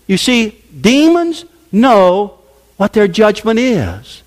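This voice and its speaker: A man preaching a sermon as pastor, emphatic and forceful, his delivery sweeping up and down. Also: high voice, big pitch swings, takes it slowly. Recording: long hall reverb.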